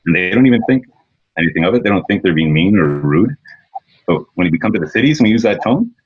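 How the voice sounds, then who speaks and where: Fast-talking husky low-voiced man. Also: expressive, dull audio. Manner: passionate, repeats phrases for emphasis. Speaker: workshop leader and guest. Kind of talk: earnest conversational interview.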